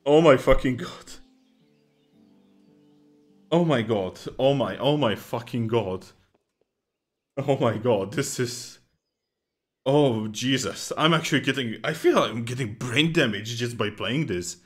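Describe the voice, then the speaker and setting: A man's voice: medium pitch, lively intonation, a little slow, long pauses, soft background music. A man giving let's-play reaction commentary, incredulous and exasperated, swearing and bursting into laughter at the game. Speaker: gaming YouTuber.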